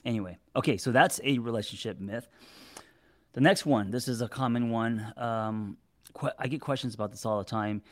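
Talking to the camera in a medium-pitched voice, a man in his forties offers casual relationship advice. His delivery is halting, full of fillers and verbal stumbles.

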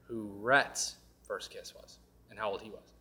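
A man's voice: lowish voice, a little slow, pushed and bright. A man hosting a podcast who chats casually, jokes and laughs often. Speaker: podcast host. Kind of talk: casual chat.

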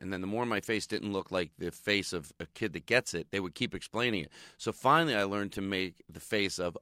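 A middle-aged male comedian giving a candid interview, animated and self-deprecating, laughing often. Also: sits low, no room sound, clean studio sound. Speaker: comedian guest.

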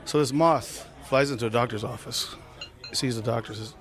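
A man telling a joke in a rapid storytelling manner. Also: medium pitch, gravelly, over music.

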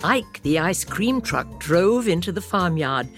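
A woman host reading a children's picture book aloud, expressive and playful with sound effects. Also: on the low side, unhurried, faint music behind. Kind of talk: children's storybook read-aloud.

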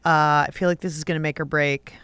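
A woman host with a smooth, resonant voice a little lower than most. She jokes and teases her guest in a casual way. The studio sound is dry. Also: level tone, fast talker, a bit bright, no echo. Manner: playful, joking. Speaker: radio host. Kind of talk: casual radio conversation.

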